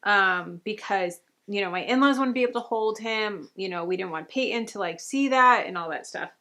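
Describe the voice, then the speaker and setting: A young woman recounts her birth story to the camera in a loose, casual way. She rambles, restarts and leans on filler words, speaking at a middle pitch. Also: moderate pace, bright, forceful tone. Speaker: mom vlogger.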